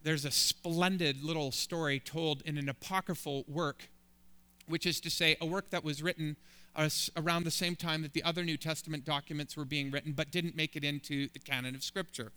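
A man's voice: on the high side, fairly even intonation, a little fast, sharp tone, smooth. A man preaching a sermon as a pastor, building emphatic, rising lists of phrases.

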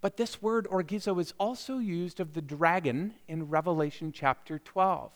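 High-voiced preacher in an echoing hall. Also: male voice, normal speed. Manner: builds from quiet reflection to impassioned emphasis. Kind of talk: sermon. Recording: long hall reverb.

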